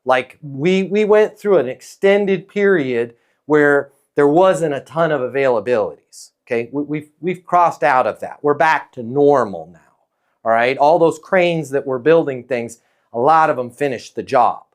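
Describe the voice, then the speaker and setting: A man giving casual training talk as a leasing sales trainer, speaking in a calm, neutral, non-pushy tone and coaching with frequent "okay?" and "right?" check-ins. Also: a little high, a little slow.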